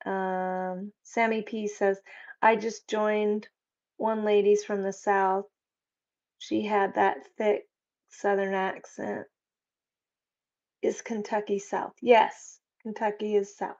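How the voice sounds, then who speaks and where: A woman's voice: medium pitch, little pitch movement, a little mellow. A playful woman chats with her viewers on a live stream, taking her time between words and laughing easily. Her voice sits in an ordinary middle range. The stream audio is a little dull and lo-fi. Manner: playful, joking, quick to laugh. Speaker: livestream host. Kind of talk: casual live chat reading viewer comments.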